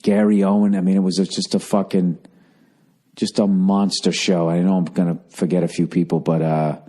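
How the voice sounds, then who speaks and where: A man hosting a podcast from home, rambling in a sardonic, profane monologue at a hushed level. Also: deep voice, level tone, moderate pace. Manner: profane, sardonic, talking quietly. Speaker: podcast host. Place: at home, indoors.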